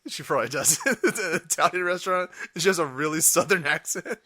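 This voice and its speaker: A man's voice: a little high, a little fast, sharp tone, no echo, clean studio sound. A man co-hosting a podcast, chatting casually and teasing the others with jokes. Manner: joking, teasing. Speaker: podcast co-host. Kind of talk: casual chat.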